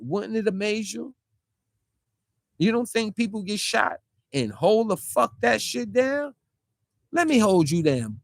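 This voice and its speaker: Man, heated street-talk rant, confrontational, rhetorical questions, lively swinging pitch, slightly high voice, dry close sound. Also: creaky, no room sound. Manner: confrontational, rapid-fire rhetorical questions, mocking quoted voices. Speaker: online commentator.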